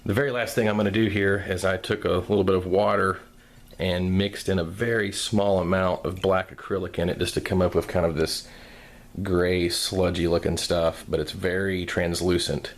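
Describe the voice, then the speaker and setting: Very deep-voiced man narrating a craft tutorial. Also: normal speed. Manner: calm, soft-spoken step-by-step explanation.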